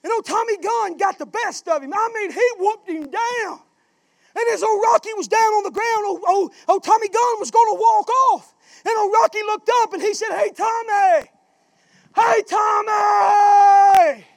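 A male pastor preaching a sermon, rising from plain talk into impassioned shouting. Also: very high voice, moderate pace, gravelly, dry recording. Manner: southern-style preaching, swells into shouting.

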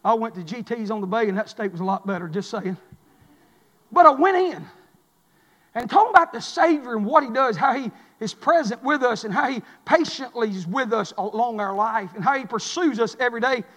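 A man, preaching a sermon in an impassioned, shouting cadence in a church. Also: very high-pitched, lively intonation, a little fast. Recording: long reverb of a large hall.

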